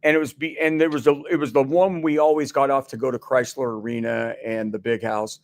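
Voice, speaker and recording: A man's voice: medium pitch, flat delivery, a little fast, darkish tone, no room sound. A middle-aged man as a guest on a sports radio show, chatting casually and rambling with many restarts and fillers.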